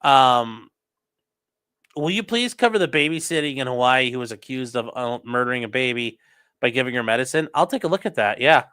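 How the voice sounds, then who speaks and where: A man's voice: mid-range voice, animated, a little fast, fairly bright tone, clean tone. A man, a lawyer, chatting casually on a livestream and answering viewer comments before trial footage. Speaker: lawyer streaming a trial with live chat.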